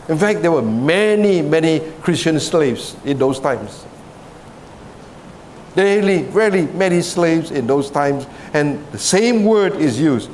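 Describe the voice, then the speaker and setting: A man's voice: fairly high pitch, expressive, a little slow, a little mellow, slight background noise. A middle-aged man from Singapore with a Singaporean English accent, preaching a sermon in a conversational way, often checking with the congregation and laughing between points.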